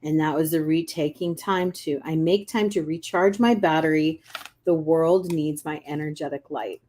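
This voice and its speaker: A woman coaching viewers on a casual live stream, chatty and animated, acting out little inner voices, with frequent restarts and throat clearing. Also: sits low, normal speed. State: clearing her throat often. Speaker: intuitive coach hosting a live reading.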